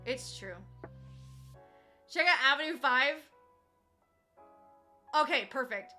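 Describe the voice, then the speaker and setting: Young woman streamer, high piercing voice, chatty and teasing, swears freely, crafting on stream. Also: animated, takes it slowly, sharp tone, faint music behind. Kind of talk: casual live-stream chat while cross-stitching.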